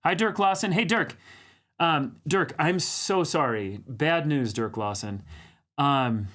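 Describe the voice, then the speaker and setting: This livestream host talks slowly in a slightly high, fairly bright voice. He keeps the chat casual, welcoming viewers and teasing them as he reads what they write.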